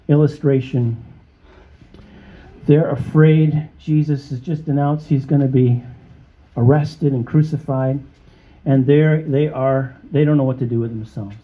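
Earnest male preacher, muffled recording. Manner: emphatic, rising to high exclamations; conversational, with frequent check-ins to the congregation. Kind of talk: sermon.

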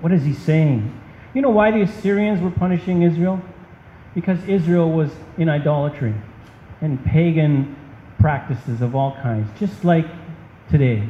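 A man's voice: fairly high pitch, moderate pace, a little hiss or hum. A man preaching a sermon as a pastor, emphatic and impassioned. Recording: dull, echoey hall.

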